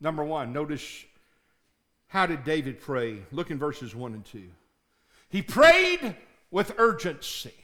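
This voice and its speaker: A male pastor preaching a sermon, dropping to low murmurs and rising to shouted, pleading prayers. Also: very animated, slow pace, pauses often.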